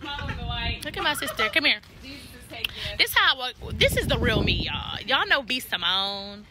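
A woman's voice: fairly high pitch, big pitch swings, moderate pace, rough recording. A young woman, chatting playfully and laughing as she films a family vlog at home. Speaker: vlogger. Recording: family crowd chatting nearby.

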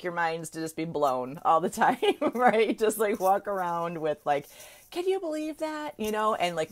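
A middle-aged woman coach chatting casually on a live video, laughing often and checking in with "right?". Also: low-pitched. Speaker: manifestation coach.

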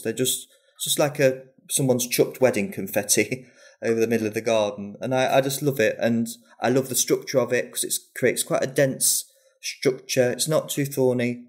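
A young man, a guest on a gardening podcast, chatting casually and rambling through his thoughts. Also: mid-range voice. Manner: warm, rambling with restarts.

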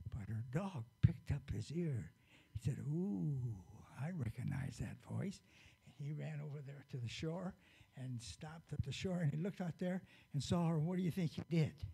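A man with a gravelly, husky voice, a little higher than most, tells a gentle story to children at church. His tone is mellow and dark, and he pauses to ask the kids simple questions. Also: rough recording.

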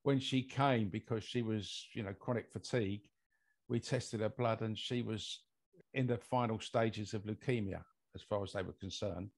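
An older British man, a guest on an interview podcast, telling a long personal story in a rambling way with lots of fillers. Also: medium pitch. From United Kingdom. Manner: rambling anecdotal delivery with many fillers. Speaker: guest, mold investigator.

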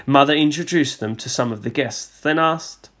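A man teacher reading a storybook aloud to a class, measured and expressive. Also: mid-range voice.

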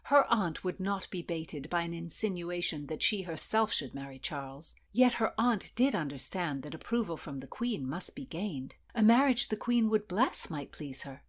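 A woman reading historical fiction aloud in a measured way, her voice dropping to a hush at the ends of lines. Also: lowish voice, animated. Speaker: narrator.

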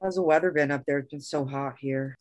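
A woman's voice: low-pitched, a little fast, darkish tone. A woman chatting casually on a video call, friendly and conversational. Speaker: gardening group member.

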